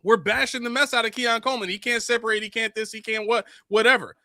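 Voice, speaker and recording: A man's voice: extremely high pitch, fairly even intonation, fast, bright, forceful tone, no echo, clean studio sound. A man co-hosting a sports show, reading a viewer's comment and pushing back on it. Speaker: podcast co-host. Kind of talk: casual sports talk.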